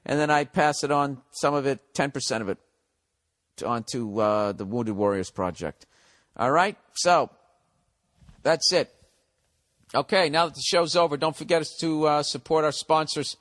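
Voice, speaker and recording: A man's voice: a little high, moderate pace, pauses often, fairly bright tone. A man hosting his own podcast, talking in a casual, rambling monologue that is blunt, joking and full of swearing. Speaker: podcast host.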